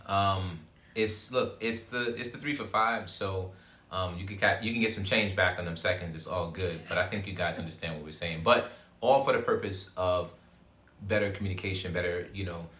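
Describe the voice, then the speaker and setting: A man co-hosting a casual conversation, speaking seriously and thoughtfully, with dry humor in between. His voice sits fairly low but has a bright edge, and the room gives it a noticeable echo. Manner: serious, thoughtful, joking dryly. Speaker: co-host. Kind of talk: casual chat.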